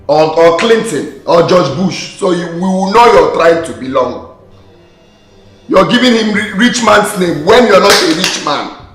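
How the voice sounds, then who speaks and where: Mocking rich boss. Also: male voice, high-pitched, fairly bright tone. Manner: mocking, contemptuous. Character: scornful rich man berating his gateman. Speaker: wealthy employer. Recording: roomy film audio with faint music.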